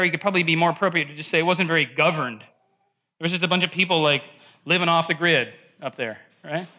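A man with a bright, forceful, slightly high voice leads a casual Bible study in a church classroom. He teaches informally and conversationally, asking the group questions, often restarting sentences and saying "right?".

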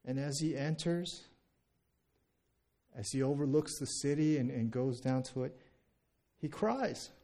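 A man's voice: mid-range voice, a little slow, pauses often, dark tone. A man in his thirties, a pastor from the United States, preaching a sermon in a conversational way, often repeating words and checking in with "right?".

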